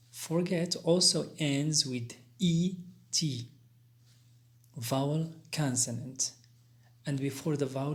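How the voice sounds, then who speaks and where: Male teacher, mid-pitched, unhurried recorded lesson, methodical, spells words letter by letter. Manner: slow, deliberate explaining with spelled-out letters; careful pauses and fillers. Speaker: English teacher.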